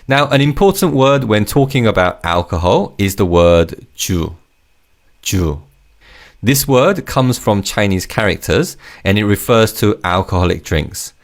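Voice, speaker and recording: Male teacher, low voice, animated delivery, patient and encouraging, repeats words for practice. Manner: patient, repeats each word twice, praises the learner. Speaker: language teacher. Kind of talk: scripted vocabulary lesson.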